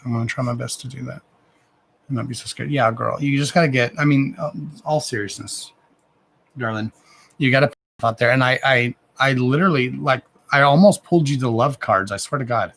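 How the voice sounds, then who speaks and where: A man's voice: medium pitch, a little fast, creaky, fairly bright tone. A man in his thirties chatting casually on a live stream as a card reader, rambling, with frequent restarts and loose swearing. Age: 30s.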